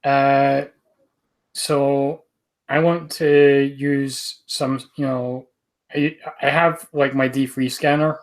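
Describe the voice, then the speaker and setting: A player in a tabletop game, speaking in a halting, casual way. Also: medium pitch, level tone. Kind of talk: tabletop role-play chat.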